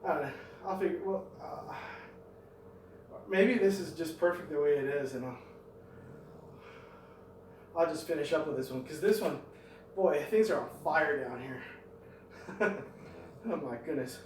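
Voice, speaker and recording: Middle-aged male fitness vlogger, thinks out loud; roomy echo, faint ambience behind. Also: a little high, moderate pace, pauses often, slight background noise. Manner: rambling, thinking aloud between exercises. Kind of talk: talking through a home workout. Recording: echoey room, mic at a distance.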